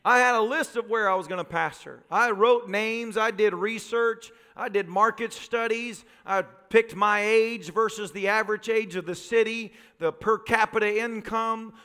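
A man preaching a sermon as pastor, animated and joking, full of rhetorical questions. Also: high voice. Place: church sanctuary. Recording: live church recording with long reverb.

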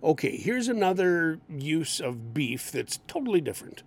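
A man teaching English idioms, explaining each one and acting out example lines in an animated way. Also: a little high, normal speed.

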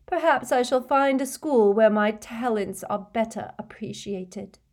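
Woman voicing a theatrical storybook seer, female, indignant, declaiming, higher and louder than the narration. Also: measured pace. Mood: wounded indignation. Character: theatrical eccentric female seer teacher, wounded pride.

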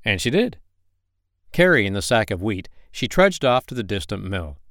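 Male bedtime-story narrator, gentle and expressive, animated pitch, dry close mic. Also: moderate pace, no echo. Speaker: podcast storyteller.

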